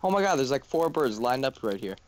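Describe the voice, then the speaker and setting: A man's voice: mid-range voice, big pitch swings, fairly quick, dry recording. A man chatting casually with friends on a gameplay livestream, rambling and teasing.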